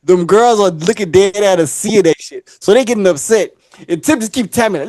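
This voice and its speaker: A podcast host with a high-pitched, brisk voice tells a long story in casual conversation. He's animated and acts out the people in it.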